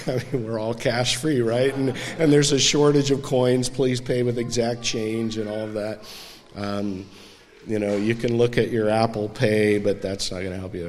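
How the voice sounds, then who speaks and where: A man's voice: mid-range voice, a little mellow, big-room sound. A man preaching a sermon in a conversational way, often putting questions to the congregation. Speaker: pastor.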